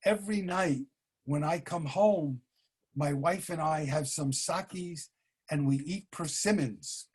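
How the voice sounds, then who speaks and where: A man playing a kindly little old man in his seventies who talks in a gentle, coaxing, unhurried way. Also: a little high, breathy edge.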